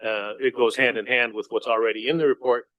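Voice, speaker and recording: A male city councillor argues for an amendment during a council debate. His delivery is earnest, and he circles back to the same points. His voice sits at a medium pitch, recorded dry on a desk mic. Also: steady tone, fast, no echo, phone-quality sound. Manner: earnest, repetitive argument. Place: council chamber.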